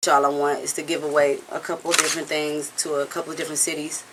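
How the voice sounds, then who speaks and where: A woman's voice: low voice, flat delivery, quick pace, noisy background. A woman in a candid, casual interview who talks earnestly and bluntly, rambling and often checking in with the listener. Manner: earnest, rambling, with frequent "you know what I'm saying"; blunt, occasional swearing. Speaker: singer being interviewed.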